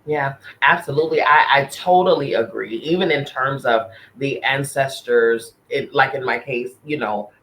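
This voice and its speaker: A man's voice: medium pitch, normal speed, few pauses, sharp tone, poor audio. A man co-hosting a podcast, earnestly telling a personal spiritual story in casual chat, often restarting and repeating phrases. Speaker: podcast co-host.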